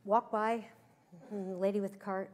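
A woman giving a sermon as a guest preacher, telling stories with animated emphasis that swings from hushed to loud. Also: mid-range voice, normal speed, a little hiss or hum. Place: church service.

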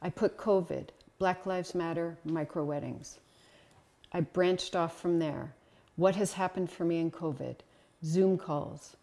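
A woman's voice: on the low side, fairly even intonation, measured pace, warm tone. A woman presenting a talk with slides to an audience, conversational and encouraging, with frequent ums and uhs. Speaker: lecturer.

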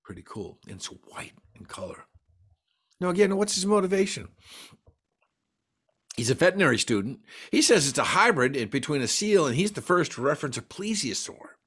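A man's voice: mid-range voice, fairly bright tone. A man giving a folklore lecture at a library, enthusiastically reading out lists of dates and sighting reports. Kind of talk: lecture presentation.

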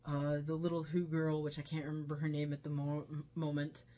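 A woman's voice: sits low, completely flat delivery, brisk, warm tone. A woman reviewing a movie in casual chat, laughing often as she retells scenes.

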